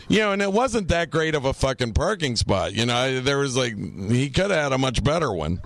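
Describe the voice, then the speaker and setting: A man's voice: mid-range voice, big pitch swings, normal speed, a bit bright, no echo. A middle-aged man co-hosting a podcast, telling rambling, profane stories and laughing through them. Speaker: podcast co-host. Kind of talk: casual storytelling chat.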